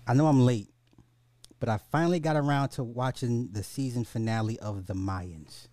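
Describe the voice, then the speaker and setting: A man hosting a casual podcast, ranting in an animated, profane, excitable way. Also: mid-range voice, normal speed, no room sound, clean studio sound. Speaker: podcast host.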